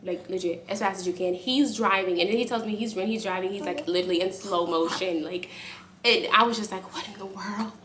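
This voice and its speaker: A young woman casually telling a story to camera for her vlog, chatty and animated, acting out what others said. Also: mid-range voice, a little fast, a little hiss or hum. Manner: animated, acts out quotes in a raised voice; speaks softly aside to her baby. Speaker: vlogger.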